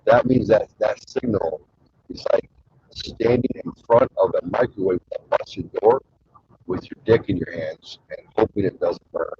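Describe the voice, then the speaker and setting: Man, low pitch, very husky, rambling casual storytelling, crude humor, dull dry lo-fi recording. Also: moderate pace, warm tone, dry recording. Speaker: show host.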